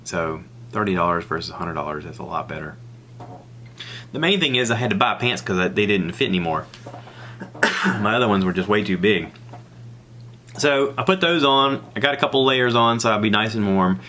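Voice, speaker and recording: A man from the American South with a Southern accent, hosting a podcast and telling a rambling, animated story alone. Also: normal speed, long pauses, slight background noise. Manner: rambling, animated, acts out others' lines in a high voice. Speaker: podcast host. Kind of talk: casual solo storytelling.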